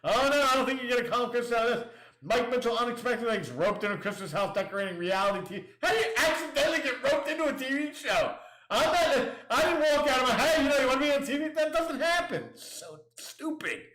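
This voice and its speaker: A man's voice: extremely high pitch, lively intonation, quick pace, sharp tone. Sarcastic man ranting in an echoey room. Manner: sarcastic, crude, mocking; reads listings aloud then riffs. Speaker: show host. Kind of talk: casual livestream rant.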